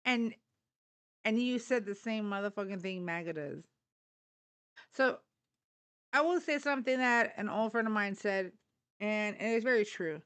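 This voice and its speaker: A woman's voice: medium pitch, measured pace, long pauses, a bit bright, clear, resonant tone. A middle-aged woman hosting a live political talk stream, blunt, profane and fired up. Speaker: livestream host.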